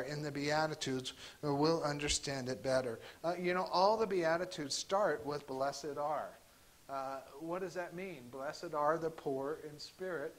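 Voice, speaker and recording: Man preaching a halting conversational sermon. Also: on the high side, a bit bright, low-quality recording. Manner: conversational, halting with fillers and restarts. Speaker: pastor. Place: church sanctuary.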